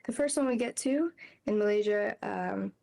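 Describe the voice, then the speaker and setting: A woman's voice: mid-range voice, normal speed, vocal fry, dark tone. A woman telling a personal story in casual, rambling talk, full of "like" and light laughs. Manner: rambling, heavy use of "like", laughs between phrases. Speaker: interview guest.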